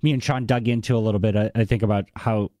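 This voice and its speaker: A man's voice: fairly low pitch, steady tone, fast talker, warm tone, no room sound. Man, Boston accent, podcast host, hesitant casual chat, dry close sound. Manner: hesitant, restarts and repeats words often.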